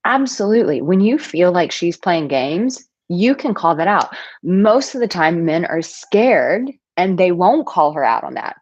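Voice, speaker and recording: Low-voiced woman giving blunt dating advice. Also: a little slow, dull audio. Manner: animated storytelling, playful asides. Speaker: dating coach. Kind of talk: casual advice talk to camera.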